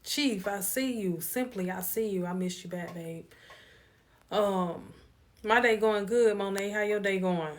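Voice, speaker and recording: A woman's voice: medium pitch, a little slow. Woman, live stream host, casual, tired and laid-back, greets viewers by name, phone mic. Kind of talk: casual live stream chat and motivational talk.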